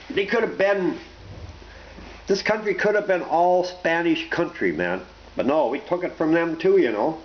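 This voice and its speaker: Profane rambling man, roomy lo-fi recording. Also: sits high. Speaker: vlogger. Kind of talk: casual opinion rant to camera. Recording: roomy, dull lo-fi home recording.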